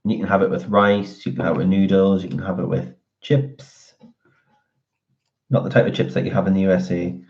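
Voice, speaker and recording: Deep-voiced man, rambling chat. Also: level tone, a little fast, a little mellow. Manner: rambling, with many fillers and restarts. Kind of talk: casual chat. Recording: dull lo-fi audio.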